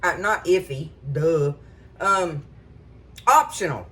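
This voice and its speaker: A woman's voice: medium pitch, moderate pace, a bit bright. Folksy woman hosting a cooking show. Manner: folksy and chatty, addresses viewers as y'all. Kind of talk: casual cooking chat to viewers. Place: home kitchen.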